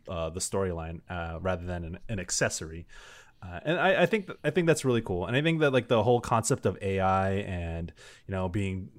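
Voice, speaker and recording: A man in casual podcast chat, talking in long rambling stretches full of fillers and restarts. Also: low-pitched. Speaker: podcast panelist.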